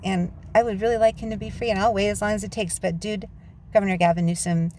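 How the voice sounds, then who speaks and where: A woman's voice: mid-range voice, steady tone, quick pace, warm tone, slight background noise. A woman vlogging from inside her parked car on a handheld phone, talking in a chatty, rambling monologue that drifts into rants and digressions, with frequent laughs. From United States. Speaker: vlogger and author.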